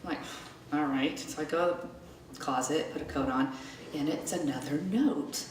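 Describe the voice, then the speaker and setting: A middle-aged woman telling a personal story to a live audience in a chatty, animated way, acting out the people in it. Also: deep voice, normal speed. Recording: echoey room, mic at a distance, faint noise.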